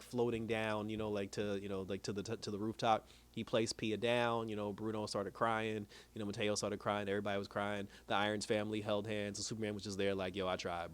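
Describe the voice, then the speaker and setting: A man giving a casual, slangy episode recap and review, laughing often as he retells scenes. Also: on the low side.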